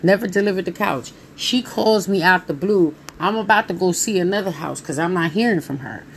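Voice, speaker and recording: A woman in her thirties telling viewers a personal story in a casual, animated way, talking straight to them. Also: on the low side, a little fast, a little hiss or hum.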